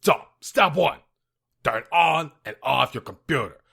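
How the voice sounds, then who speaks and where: Man putting on a swaggering masked cartoon wrestler, high-pitched and gravelly, bragging through bad tech advice. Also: animated, unhurried, sharp tone, heavily acted. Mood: cocky. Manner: boastful, mock-helpful, accent drifting. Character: cocky masked male cartoon wrestler answering emails. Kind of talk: comedic impression on a podcast.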